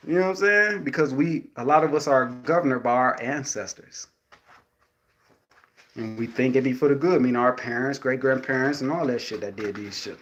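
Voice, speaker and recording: A man's voice: a little fast, a little hiss or hum. A man with a young son talks casually to viewers in a rambling, profane monologue, repeating "you know what I'm saying" and acting out the voices of the people he quotes. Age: adult with a young son. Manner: acts out quoted voices, jumping high and loud. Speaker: vlogger speaking to viewers.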